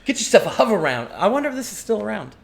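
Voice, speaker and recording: A man's voice: sits high, big pitch swings, racing, creaky, heavy background noise. A young man co-hosting a casual comedic chat, joking and swearing freely. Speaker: co-host.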